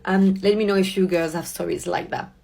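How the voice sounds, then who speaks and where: A woman telling a story to her viewers in a blunt, profane, animated rant. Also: lowish voice, brisk, gravelly, a little hiss or hum. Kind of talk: casual ranting storytime.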